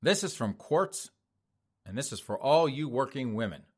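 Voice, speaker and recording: A man's voice: mid-range voice, sing-song, normal speed, breathy edge. Middle-aged male show host; sarcastic news commentary, mocking tone. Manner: mocking, sarcastic, laughs at own jokes. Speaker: podcast host.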